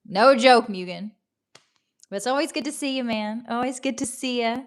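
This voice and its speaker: A woman's voice: fairly high pitch, normal speed, clear, resonant tone. Upbeat giggly woman livestream host. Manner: upbeat, giggly, thanks viewers warmly. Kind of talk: casual livestream chat, reading viewer comments.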